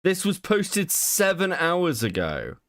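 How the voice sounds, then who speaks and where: Lively swearing man on a podcast. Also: a little high, slow pace, no echo, clean studio sound. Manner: animated, incredulous, swears a lot. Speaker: podcast co-host. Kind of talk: casual chat, reacting to a video.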